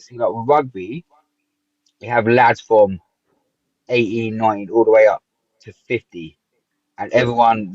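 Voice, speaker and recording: Man, mid pitch, dull muffled dry recording, animated storyteller. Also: no echo. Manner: animated storytelling, acts out quotes, frequent "like". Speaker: guest. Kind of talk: casual reminiscing chat.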